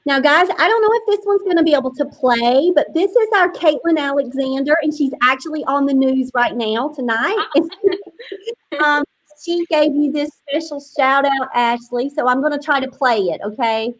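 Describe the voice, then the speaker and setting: A woman's voice: sits high, moderate pace, poor audio. A woman hosting an online book launch on a video call, chatty and emotional, close to tears.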